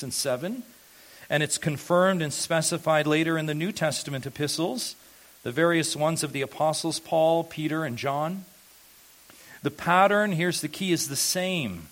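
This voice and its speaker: A man with a somewhat high voice preaches an expository sermon. He asks the congregation rhetorical questions and swings between loud, emphatic peaks and low, quiet asides. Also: normal speed. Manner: emphatic preaching, rising loud on key points and dropping low and soft. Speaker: pastor.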